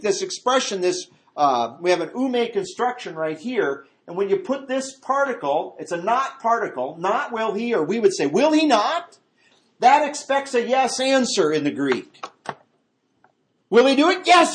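A man preaching a verse-by-verse Bible study, talking conversationally and jumping his voice up to act out quotes. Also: on the high side. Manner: animated, acts out quotes in a raised voice; conversational asides and restarts. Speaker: pastor.

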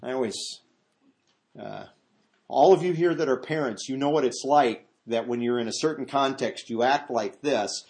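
A male pastor delivers an expository sermon with lots of animation, shifting between loud exclamations and quiet asides and performing the voices of characters in his stories. His pitch sits in the middle and his pace is moderate.

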